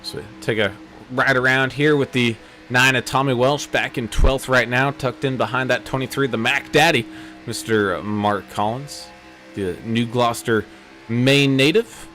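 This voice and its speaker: A man giving play-by-play commentary on a sim race broadcast, calling the action quickly and with energy, car number after car number. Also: mid-range voice, steady tone, sharp tone, faint music behind. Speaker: play-by-play announcer.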